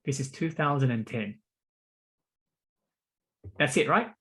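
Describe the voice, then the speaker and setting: Speaking slowly in a slightly rough, middle-pitched voice, a podcast host tells a story with lively energy during casual talk. He trips over and repeats words, regularly dropping a friendly "bro" or "mate".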